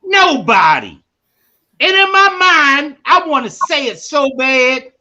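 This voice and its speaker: A man hosting a live podcast, telling stories in an animated way that climbs into emphatic shouts. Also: very high voice, slow. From Baltimore. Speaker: podcast host. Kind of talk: live storytelling monologue.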